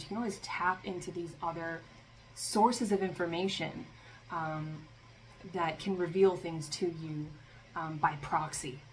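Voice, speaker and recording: A woman's voice: lowish voice, a little hiss or hum, rough recording. A woman giving a casual spiritual tarot reading, talking in a loose, rambling way with lots of fillers and a sarcastic streak. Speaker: tarot reader.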